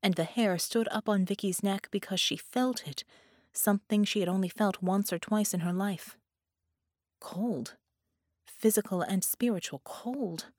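A woman reads an audiobook in a clear, measured storytelling voice. Her pitch sits in the middle of the range. The recording is dry and close, with no room sound. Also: no room sound. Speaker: audiobook narrator. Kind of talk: scripted audiobook narration.

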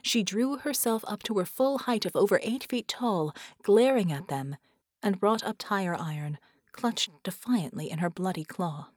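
A woman reading an audiobook in a measured, expressive narration. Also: mid-range voice, no echo, studio quality. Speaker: audiobook reader. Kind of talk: scripted narration.

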